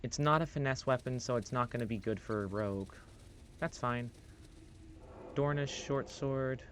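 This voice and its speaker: A man's voice: medium pitch, normal speed, slight background noise. A man streaming a role-playing game, rambling loosely through his commentary, swearing casually and reading the on-screen text aloud.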